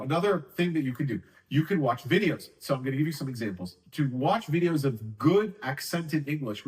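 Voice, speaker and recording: A man's voice: medium pitch, distant mic, low-quality recording. A man giving a casual sales-training talk, conversational and emphatic with rambling asides.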